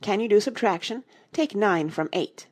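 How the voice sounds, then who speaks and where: A woman's voice: mid-range voice, lively intonation, normal speed, pitched above the performer's own voice, lightly acted. A woman voicing a domineering queen who lectures and quizzes, speaking emphatically. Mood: bossy. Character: bossy domineering storybook queen, loud and stern.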